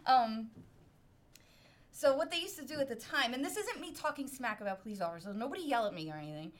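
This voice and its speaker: With a fairly high pitch and quick pace, a middle-aged woman from Brooklyn, New York, tells a story as a guest on a podcast. It's casual talk; she's animated, laughs frequently, and pokes fun at herself.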